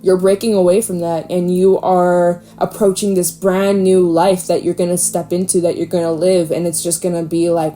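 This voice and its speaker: A woman giving a casual, animated tarot reading, swearing freely and laughing often. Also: on the low side, moderate pace, hardly any pauses, faint music behind. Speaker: tarot reader.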